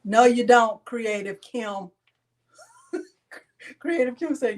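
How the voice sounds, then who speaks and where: A woman's voice: fairly high pitch, takes it slowly. Chatty, teasing craft host woman. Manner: teasing, chatty, laughs often. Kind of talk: casual live-stream chat.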